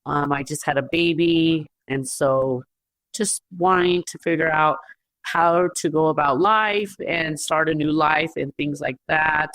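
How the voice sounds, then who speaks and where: A woman's voice: sits low, fairly even intonation, measured pace, a bit bright, dry recording. A woman leaving a voice message for an advice show, speaking hesitantly and holding back tears. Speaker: caller. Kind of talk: recorded voice message.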